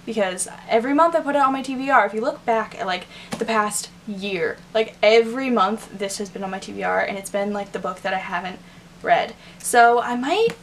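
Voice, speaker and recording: A woman's voice: mid-range voice, a little fast, a little hiss or hum. A young woman talking casually to camera about her reading list, rambling and chatty with lots of filler words. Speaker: book vlogger.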